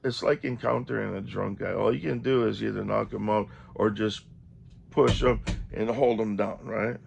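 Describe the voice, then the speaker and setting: A man's voice: on the low side, steady tone, normal speed, vocal fry, darkish tone, dull audio, slight background noise. A man vlogging, telling a story casually and animatedly, acting out the quotes.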